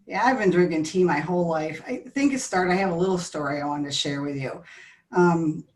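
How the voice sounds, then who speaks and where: A woman's voice: fairly low pitch, brisk, far from the mic, noisy background. A middle-aged woman chatting as an interview guest, rambling and a little nervous, often losing her thread. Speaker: guest, tea business co-owner. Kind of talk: casual interview chat.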